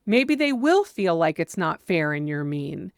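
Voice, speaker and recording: A woman's voice: lowish voice, very animated, a little slow, dry recording, clean studio sound. A woman parenting coach giving earnest, direct advice, sometimes acting out what a parent might say with emphasis. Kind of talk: advice monologue.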